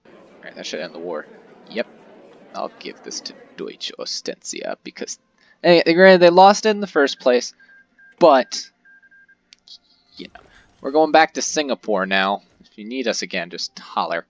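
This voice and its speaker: Here a man plays through a strategy game and talks over it like a chatty, jokey let's-play host, reacting out loud to the action. He sounds very animated yet speaks a little slowly in a mid-range voice, leaving long pauses. The recording is muffled but has no echo.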